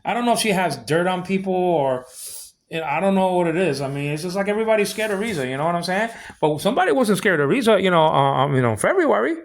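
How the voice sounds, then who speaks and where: A man's voice: high-pitched, very animated, fast talker. A man ranting in a rambling personal monologue, stumbling over repeated words and complaining indignantly. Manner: rambling, repetitive, stammering restarts. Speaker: vlogger.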